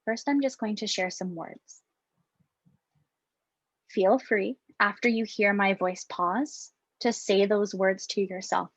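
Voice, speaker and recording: A woman on a video call, gently guiding a breathing and mindfulness exercise. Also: mid-range voice, slow, no room sound. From Hawaii. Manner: calm, gentle instructing. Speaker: yoga and mindfulness presenter. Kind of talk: guided mindfulness workshop. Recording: dull, dry video call audio.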